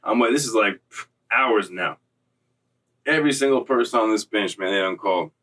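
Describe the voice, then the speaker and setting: A young man casually recounting a story in street slang, animated and full of acted-out quotes, from Florida. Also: fairly low pitch, normal speed, far from the mic. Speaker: storyteller recounting prison time.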